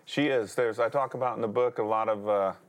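A man's voice: fairly low pitch, steady tone, fairly quick. A middle-aged man, a rock guitarist, talking casually and candidly as a TV guest. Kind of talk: interview talk.

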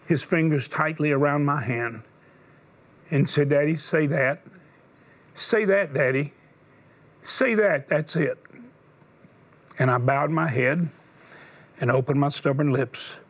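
A man's voice: on the high side, slow, pauses often. Older male preacher, earnest storyteller. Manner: earnest preacher, drops to a hushed voice for emotional moments. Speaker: TV host and preacher. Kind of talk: christian talk show conversation and storytelling.

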